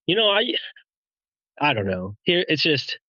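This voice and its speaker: A man's voice: fairly high pitch, big pitch swings, measured pace, bright, forceful tone, no echo, muffled recording. A guest and father in a casual podcast chat, easygoing and eager, joking with his friends.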